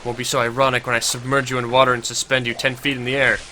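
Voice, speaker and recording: A man's voice: mid-range voice, little pitch movement, quick pace, bright, forceful tone, slight background noise, lightly acted. A man with a stuffy cold reading aloud as a stern female water wizard in a game. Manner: stern, threatening.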